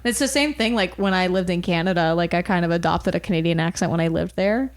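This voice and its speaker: A woman's voice: lowish voice, fast. A woman co-hosting a podcast, telling stories in casual chat and saying "like" constantly. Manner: chatty storyteller, heavy use of "like". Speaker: podcast co-host.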